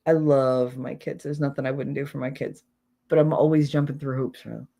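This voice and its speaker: A middle-aged woman with a low voice talks bluntly and casually on a livestream. She rambles from one story to the next and speaks plainly. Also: fairly even intonation, a little fast, creaky, warm tone. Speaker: livestream host. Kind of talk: casual chat.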